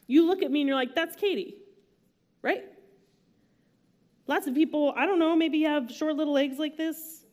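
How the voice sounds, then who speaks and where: A woman's voice: high-pitched, darkish tone. A woman preaching a sermon in a casual, chatty way, using slang and asides. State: emotional, near tears. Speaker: pastor.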